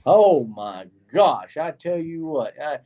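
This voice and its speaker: Man, middle-aged, lively storyteller, acts out quotes, slightly high voice. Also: takes it slowly, highs cut off. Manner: animated storyteller acting out quoted people. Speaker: co-host. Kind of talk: casual show chat.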